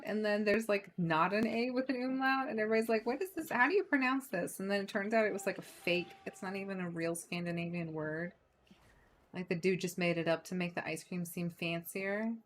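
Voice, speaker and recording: A woman chatting casually with her viewers while she plays a game, playful and quick to laugh. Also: on the high side, a bit bright, a little hiss or hum. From United States. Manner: chatty, playful, giggly, talks to chat. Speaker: game streamer. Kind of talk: casual chat while gaming.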